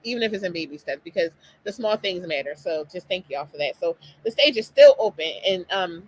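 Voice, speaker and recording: Middle-aged woman, live-stream talk host, fast and emphatic delivery. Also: fairly low pitch, low-quality recording. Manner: animated, emphatic, talks straight to listeners. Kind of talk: casual motivational talk.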